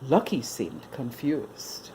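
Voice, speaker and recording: A woman reading a children's story aloud as a storyteller, in an expressive, sing-song manner. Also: extremely low pitch, slow pace, a little hiss or hum.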